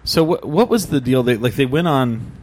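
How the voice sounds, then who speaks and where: A man hosting a podcast, joking and swearing in casual chat and asking quick questions. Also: medium pitch, animated, a little hiss or hum. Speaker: podcast host.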